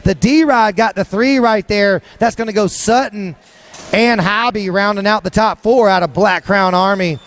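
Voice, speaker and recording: A man calling live BMX races at an outdoor track, in rapid-fire, rhythmic, sing-song hype. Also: high voice, a bit bright. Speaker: race announcer. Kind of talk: live BMX race commentary.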